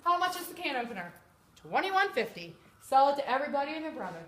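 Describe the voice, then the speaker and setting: Woman, chatty sales trainer, higher voice, lively, recorded in an echoey room with light background noise. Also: quick pace. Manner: chatty, animated, acts out customer voices. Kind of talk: training talk to a live group.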